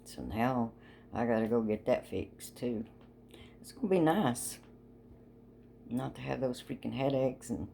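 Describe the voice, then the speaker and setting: A woman's voice: extremely low pitch, vocal fry, mellow, a little hiss or hum. An older woman telling a rambling personal story in a chatty, folksy way, laughing often. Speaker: vlogger.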